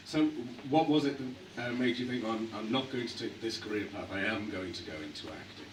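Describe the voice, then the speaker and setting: A man's voice: lowish voice, a little fast. A man interviewing an actor on stage, asking conversational, prompting questions. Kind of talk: on-stage interview before a live audience. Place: hall at a public event. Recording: echoey hall from a distance, audible noise.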